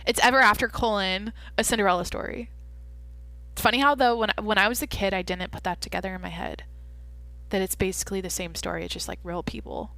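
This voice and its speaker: A woman's voice: mid-range voice, steady tone, quick pace, creaky, sharp tone, no echo. A young woman hosting a solo podcast, chatting casually and rambling as she thinks aloud and swears often. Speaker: podcast host.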